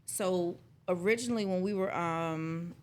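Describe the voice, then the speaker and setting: A middle-aged woman from South Carolina with a Southern accent, a guest telling lively stories in a casual interview. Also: fairly low pitch, unhurried, a little hiss or hum. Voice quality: lively storyteller, acts out quoted voices.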